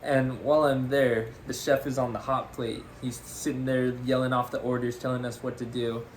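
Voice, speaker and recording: At a moderate pace, a young man with a medium-pitched voice co-hosts a podcast, telling a story casually and animatedly. He laughs often and says "freaking" a lot, with a little hiss or hum underneath.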